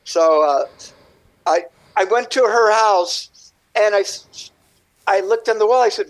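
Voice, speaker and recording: Guy with a pretty high voice rambling thru his life story on a radio show, acts out all the quotes. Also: measured pace, long pauses, poor audio. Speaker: guest artist. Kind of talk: radio interview chat.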